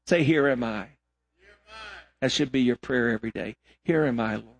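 A middle-aged man preaching a sermon as pastor, emphatic, swinging between loud exhortation and quiet asides. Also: medium pitch, normal speed, creaky.

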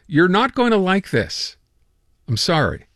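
A man hosting a radio show in casual chat, quick and full of fillers. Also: high voice, huge pitch swings, fairly bright tone, no echo, clean studio sound. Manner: quick, chatty, with many fillers. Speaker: radio host.

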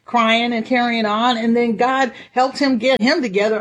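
A woman preaching a lively, conversational sermon and often laughing as she speaks. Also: on the high side, normal speed, few pauses.

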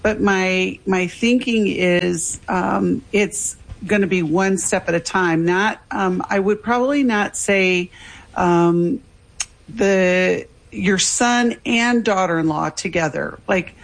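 A woman's voice: mid-range voice, slow, vocal fry, poor audio. A woman hosting an advice talk show, speaking in thoughtful, hesitant phrasing. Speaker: radio host.

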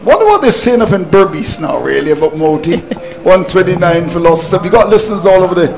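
A man's voice: sits high, lively intonation, a little fast, creaky, darkish tone, poor audio. A man commentating cricket on radio, exasperated at his team's collapse and repeating phrases for emphasis.

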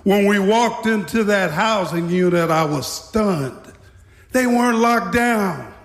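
Slow, high-voiced male storyteller in a hall. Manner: dramatic, wry storytelling. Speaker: speaker recounting his time as a prison guard. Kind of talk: storytelling talk. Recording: echoey hall.

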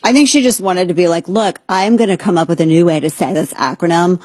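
A woman's voice: on the low side, fast, very noisy. A woman hosting a talk radio show, giving sarcastic, incredulous commentary.

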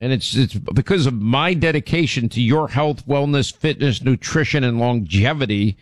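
A man hosting a radio show, telling stories in casual chat, his voice jumping up in pitch when he gets indignant. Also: no echo. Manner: animated storytelling, pitch jumps when indignant.

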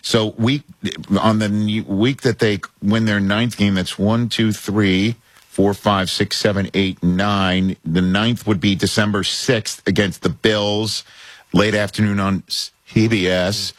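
Husky-voiced New York sports radio host. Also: male voice, fairly low pitch, little pitch movement, no room sound. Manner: brisk, joking, runs through the schedule.

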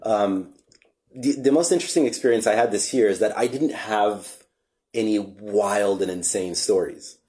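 A man hosting a podcast in casual chat, relaxed and reflective, swearing now and then. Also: lowish voice, normal speed. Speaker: podcast host.

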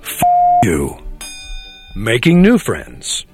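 A man's voice: on the low side, huge pitch swings, very slow, gravelly, loud music behind the voice, heavily acted. An actor playing a stuck-up, overly proper man in a comedic film sketch who repeats street slang. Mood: prim.

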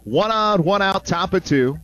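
A man calling a baseball game on the radio, mixing play-by-play with relaxed, chatty asides between pitches. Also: a little slow. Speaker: play-by-play announcer.

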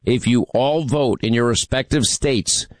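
A middle-aged man runs a radio call-in show with an emphatic, rallying delivery. His voice is of middling pitch and sounds close and dry, with no room around it. He teases callers between stronger points. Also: unhurried, no room sound. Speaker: radio talk show host. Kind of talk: talk radio, taking calls.

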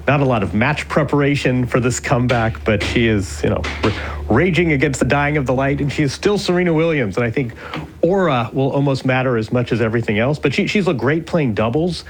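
A man's voice: mid-range voice, fairly quick, a little hiss or hum. A man speaking as a sports journalist guest in a live radio interview from a remote location, thoughtful and stopping to restart his sentences. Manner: thoughtful, hesitant with restarts and fillers. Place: remote location, not the studio.

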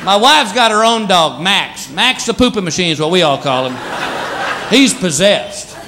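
A middle-aged male stand-up comedian telling stories in a wry, animated, conversational way before a live audience. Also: high-pitched, normal speed, background noise. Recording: live show with loud crowd laughter.

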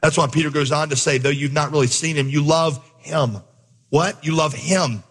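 A man preaching a sermon, telling a story with lively acted-out dialogue before turning to the message. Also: fairly high pitch, normal speed, breathy edge. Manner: animated storyteller, acts out dialogue. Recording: long hall reverb.

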